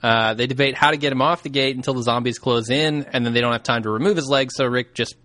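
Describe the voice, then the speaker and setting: An easygoing man in casual conversation, laying out scene recaps in a steady way. His voice sits at a middling pitch. The recording is dry and close. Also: fast, no echo. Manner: easygoing, laughs along, walks through scene recaps. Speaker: podcast co-host. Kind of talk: casual chat.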